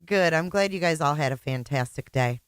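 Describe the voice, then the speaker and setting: A deep, clear, resonant voice belongs to a middle-aged woman hosting a laid-back livestream at a moderate pace, with no room sound. She's chatty, emotional and teary, reading viewer names aloud as she welcomes them.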